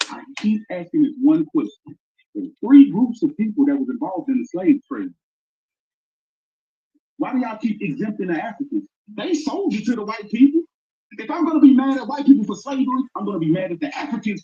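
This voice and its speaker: Guy ranting loud on a stream, super animated pitch, kinda muffled lo-fi audio. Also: a little fast. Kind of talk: heated livestream talk.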